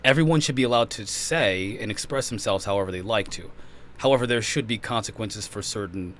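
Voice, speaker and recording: A man hosting a casual podcast discussion, animated and laughing often, with frequent repeats and restarts. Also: fairly low pitch, fairly quick, slight background noise. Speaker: podcast host.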